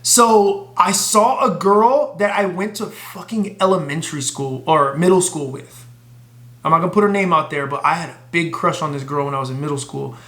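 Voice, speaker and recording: A man casually telling a profane, animated story to his camera. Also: a little high, roomy sound. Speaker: vlogger.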